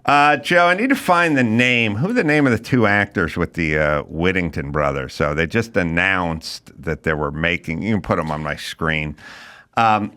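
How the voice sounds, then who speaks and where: A man's voice: low-pitched, animated, normal speed, pushed and bright, clean tone. A middle-aged man hosting a podcast, telling crude, rambling stories in casual banter. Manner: blunt, crude, rambling storyteller. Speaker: podcast host.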